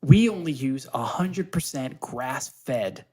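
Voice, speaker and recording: A man's voice: medium pitch, expressive, slow pace, warm tone, husky. A man from Canada, a podcast guest who runs a supplement company, talking in an eager, explanatory way with many fillers and restarts. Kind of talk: casual conversational pitch.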